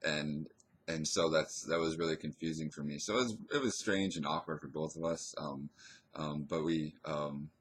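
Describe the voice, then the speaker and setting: A man telling a personal story in a casual, hesitant way, pausing and restarting often. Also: very deep voice, fairly even intonation, a bit bright, breathy edge. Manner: hesitant, rambling, full of pauses and restarts.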